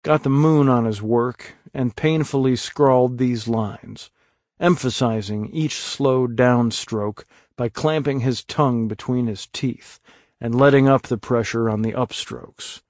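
A man reading a story aloud as narrator, slow and measured. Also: mid-range voice, a little mellow, no echo, studio quality. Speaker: audiobook narrator. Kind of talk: scripted narration.

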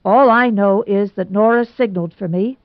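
A woman's voice: mid-range voice, moderate pace, no room sound, natural voice. A woman voicing a sulky, exasperated young man in a storybook reading. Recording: dull lo-fi recording.

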